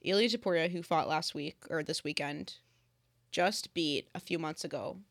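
A young woman in casual sports chat, rambling quickly with lots of filler words. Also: low voice. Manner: rambling, fast, heavy "like" filler.

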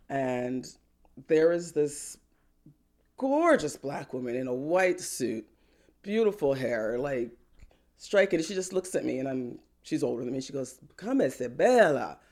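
An animated woman recounts her path as a singer, her voice jumping with laughter and playful acted-out quotes. She talks in a casual, unscripted interview manner. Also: rumbling low. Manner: lively, laughs often, acts out quotes. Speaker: singer-songwriter guest. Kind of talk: animated personal storytelling.

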